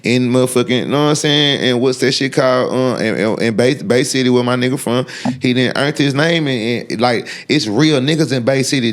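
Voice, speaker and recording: A man talks in an unfiltered interview. He is blunt and profane, and he rambles with frequent restarts and fillers at a middle pitch. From Texas. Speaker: guest. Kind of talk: unfiltered sit-down interview talk.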